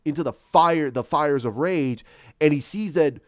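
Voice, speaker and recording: A man casually retelling his own story idea, rambling and animated as he goes. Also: a little high, unhurried, no room sound. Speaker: fan pitching a film plot. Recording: dull lo-fi dry mic.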